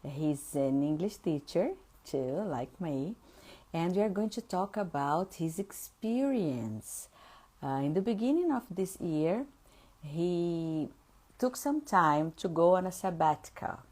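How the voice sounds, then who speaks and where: Woman, fifties, Brazilian Portuguese accent, Portuguese native speaker, live-stream teacher host, slow deliberate speech, lowish voice, unhurried fillers. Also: lively intonation, a little mellow.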